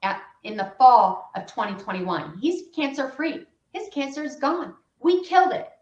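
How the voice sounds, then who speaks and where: Animated storytelling woman, echoey room. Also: high-pitched, dull audio. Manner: lively, re-enacts phone calls in dialogue. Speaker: patient advocate. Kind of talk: storytelling in a podcast interview.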